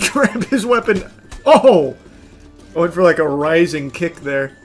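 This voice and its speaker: A man hosting an online video, giving a dry film review and loud gameplay commentary. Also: on the high side, slow, soft background music. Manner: dry, flat delivery that breaks into loud excited yelling.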